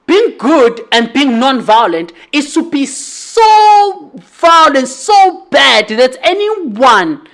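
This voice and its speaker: A South African woman with a fairly high voice speaks in an impassioned podcast monologue. She swears freely, fires off rhetorical challenges and hammers her points home through repetition. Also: fairly bright tone. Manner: heated, profane and rhetorical, with emphatic repetition. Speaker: podcast host.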